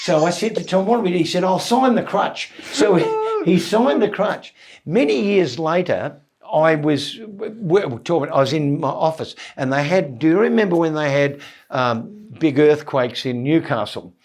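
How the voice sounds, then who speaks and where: Lively older Australian comedian telling stories. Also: male voice, fairly high pitch, moderate pace. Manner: animated, acts out voices, stammered restarts. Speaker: comedian, guest. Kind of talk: anecdotal storytelling in conversation.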